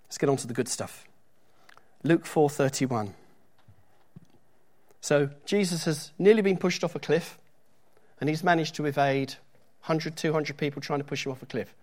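A man's voice: fairly high pitch, normal speed, pauses often, darkish tone. A middle-aged man preaching a sermon in a church, talking conversationally with joking asides and reading scripture aloud with emphasis.

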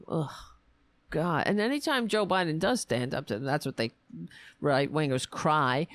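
A woman hosting a political podcast, talking in a sarcastic, mocking way and slipping into shrill impressions of her opponents. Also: moderate pace, no echo. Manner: mocking, switches into shrill mimicking voices.

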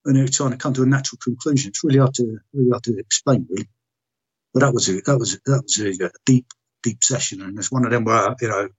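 A husky-voiced British man, a former soldier, recounts a personal experience in conversation. He talks in halting bursts, restarting sentences and swearing openly. His pitch sits in the ordinary middle range for a man. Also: lo-fi sound. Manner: halting, restarts, frank and profane. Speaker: guest, military veteran.

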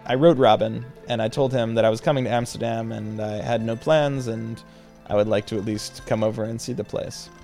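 A man's voice: medium pitch, steady tone, a little fast, creaky, a little mellow, soft background music. A man telling a personal travel story in a casual, chatty way, with lots of ums and you-knows. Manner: casual and chatty, with many fillers.

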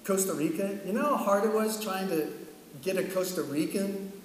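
Man, middle-aged, preacher, animated storytelling, high-pitched, booming room echo. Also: normal speed, a little hiss or hum. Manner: animated storyteller, acts out dialogue. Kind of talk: sermon storytelling. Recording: echoey hall from far off, faint ambience.

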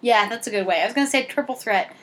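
A woman's voice: on the high side, fast, a bit bright. Playful woman podcast co-host. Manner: playful, exclamatory, jokey impressions. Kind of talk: casual chat.

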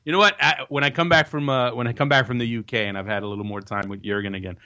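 A man's voice: mid-range voice, level tone, quick pace, pushed and bright, clean tone, dry recording, highs cut off. A man co-hosting a soccer podcast, teasing his partner and laughing often. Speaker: podcast co-host. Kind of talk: casual chat. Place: recording late at night.

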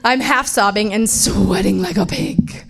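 A woman tells a true story from her own life with wry, self-mocking humor. Her mid-range voice swings between loud bursts and quiet, hushed stretches. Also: medium pitch, a little slow, gravelly. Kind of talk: first-person personal storytelling.

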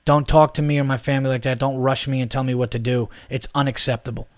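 A man's voice: medium pitch, little pitch movement, fast, no echo, studio quality. A man in his thirties hosting a solo podcast, ranting in a heated, profane, rambling way. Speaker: podcast host.

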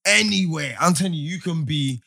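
A young man teases his friends in a loud, slang-heavy casual chat. His voice sits fairly high and rings bright and forceful. The sound is dry and close. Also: fairly quick, gravelly, dry recording. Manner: teasing, loud, fond of slang.

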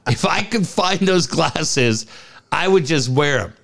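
A male podcast co-host with a gravelly edge, talking sports in a casual, blunt, profane way. His pitch sits a little high and swings widely as he gets going. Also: animated, slow, a bit bright.

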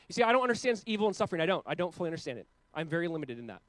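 A man in his thirties preaching a sermon as a pastor, earnest, with loud emphatic peaks and quiet, slowed passages. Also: a little high, big pitch swings, no echo, low-quality recording.

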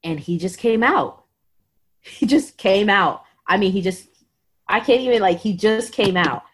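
A woman's voice: medium pitch, a little slow, breathy edge. A woman in her thirties telling a personal story as a podcast guest, acting out what others said and filling her speech with "like.". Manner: animated, acts out quotes, says "like" a lot. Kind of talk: casual storytelling.

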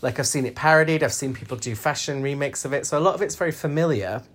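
A podcast co-host in casual chat, playful and teasing, full of quick jokes and frequent laughter. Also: medium pitch. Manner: laughs often.

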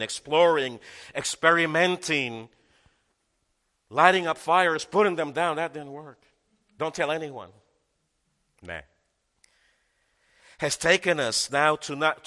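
A man's voice: on the high side, pushed and bright, big-room sound. A male pastor preaching a sermon, emphatic and repeating key phrases for effect.

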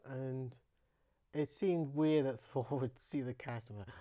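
Laid-back man co-hosting, mellow tone. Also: medium pitch, fairly even intonation, a little slow. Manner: laughs easily, brief replies. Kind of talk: casual movie review chat.

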